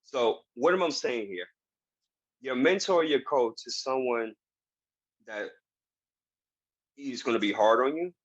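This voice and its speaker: A man's voice: medium pitch, expressive, takes it slowly, pauses often, dry recording. A man speaking earnestly and emphatically as a guest in a motivational interview, recorded over a video call. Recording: dull, dry video call audio.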